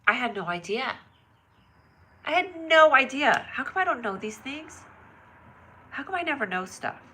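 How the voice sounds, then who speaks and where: Bubbly, bright-voiced woman live-streaming. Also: fairly high pitch, big pitch swings, moderate pace, breathy edge. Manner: bubbly, giggly, rambling. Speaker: livestream host. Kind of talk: casual live-stream chat reading comments. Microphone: phone camera.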